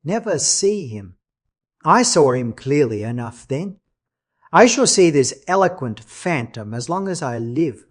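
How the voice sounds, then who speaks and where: A man reading a classic novel as an audiobook narrator in a measured, dramatic way. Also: a little high, sing-song.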